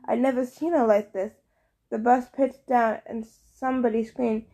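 A woman narrating a first-person audiobook, lively and expressive. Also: on the high side, normal speed.

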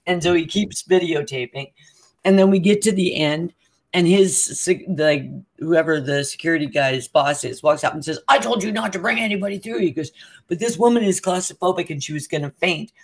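A co-host with a lowish, slightly rough voice talks at normal speed. She tells a lengthy story animatedly, playing out the quotes of the people involved and laughing as she goes.

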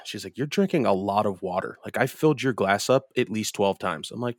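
On a podcast, a man with a lowish voice co-hosts and tells a rambling story full of profanity during casual chat. His delivery is brisk, and the recording is dry and studio-clean.

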